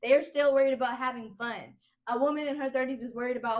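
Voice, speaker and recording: A woman's voice: fairly high pitch, very fast, hardly any pauses. A young woman with AAVE speech talking bluntly and profanely as a podcast host, in casual chat.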